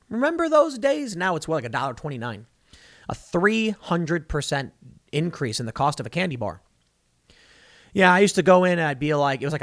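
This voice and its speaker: A man's voice: fairly high pitch, no room sound, clean studio sound. A man in his thirties hosting an opinionated, rambling political commentary monologue in a casual tone. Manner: opinionated, rambling, animated with mocking asides.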